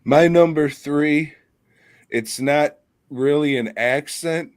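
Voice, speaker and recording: A man's voice: on the high side, slow, dry recording. A man co-hosting a casual comedy podcast, ranting in a profane, mock-angry way. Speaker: podcast co-host.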